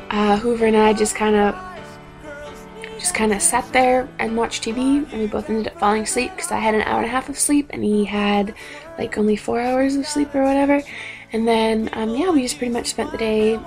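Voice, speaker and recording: Chatty young woman with gravelly voice. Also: moderate pace, soft background music. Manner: animated, chatty, acts out quotes in higher voices. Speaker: vlogger. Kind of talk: casual storytelling vlog.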